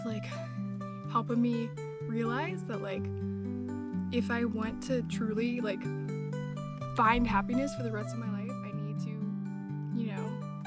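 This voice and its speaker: A young woman vlogging casually outdoors on a hiking trip, talking candidly with lots of fillers. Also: on the high side. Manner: chatty, filler-heavy, candid and upbeat. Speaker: travel vlogger. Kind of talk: casual vlog talk to camera. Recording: with loud background music.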